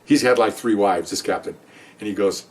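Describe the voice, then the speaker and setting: A man's voice: lowish voice, moderate pace. A man in his sixties, a retired police detective, telling stories in a rambling, conversational way with many asides. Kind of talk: casual storytelling. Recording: voice a bit distant from the mic.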